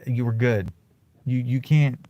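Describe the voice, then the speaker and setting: Young man, vlogger type, bitter rant with profane flare-ups, mid-pitched voice. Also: steady tone, a little slow, dark tone, dry recording, highs cut off. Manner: bitter, profane, swings between mutters and angry outbursts. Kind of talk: casual ranting monologue.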